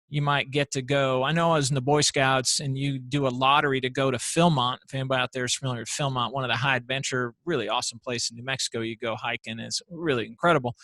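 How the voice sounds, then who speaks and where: Gravelly, animated male commentator. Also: medium pitch, dry recording. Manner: animated, rambling with restarts. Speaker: show host. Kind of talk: opinionated solo commentary.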